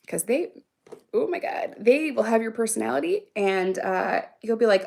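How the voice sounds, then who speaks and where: A woman's voice: medium pitch, moderate pace, vocal fry, a little mellow. A woman in her thirties chatting casually on a livestream, reacting aloud to viewer comments in a rambling, profane way and laughing often. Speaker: vlogger answering viewer comments.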